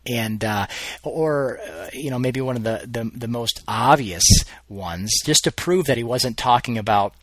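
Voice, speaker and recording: A man's voice: medium pitch, unhurried, no echo. A man giving informal Bible teaching in a conversational way, thinking aloud and often restarting his sentences.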